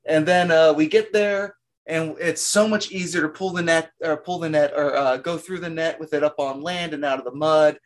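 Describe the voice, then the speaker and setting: A man telling a long work story in a rambling, animated way, full of "like" fillers. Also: fairly high pitch, normal speed. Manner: animated, self-mocking storyteller. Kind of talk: casual storytelling.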